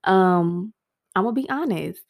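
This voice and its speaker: A young adult woman hosts a solo podcast in a relaxed, unhurried way. She talks openly and directly to her listeners, as if venting to friends, at a mid-range pitch. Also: gravelly. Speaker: podcast host. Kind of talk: casual solo podcast talk.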